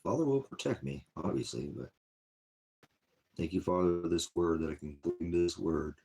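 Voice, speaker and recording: A man's voice: deep voice, moderate pace, darkish tone. A man hosting an online ministry, talking wearily and rambling about his troubles in a casual vlog. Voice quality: gravelly, husky. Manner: weary, sighing, drifts between topics. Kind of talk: rambling personal vlog talk.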